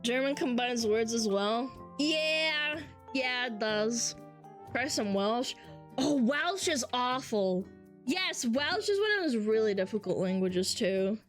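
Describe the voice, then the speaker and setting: A woman streamer talks casually with her live chat, reading messages aloud and answering in a brash, swearing way. Her voice sits a little on the high side. Faint music plays underneath. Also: animated, takes it slowly.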